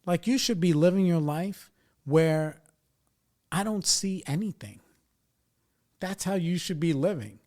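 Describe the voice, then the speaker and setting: A man's voice: on the high side, lively intonation, unhurried, long pauses, a little mellow, pitched above the performer's own voice. A man voicing his angry middle-aged father, who scolds his son with a harsh, swearing lecture. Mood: lecturing.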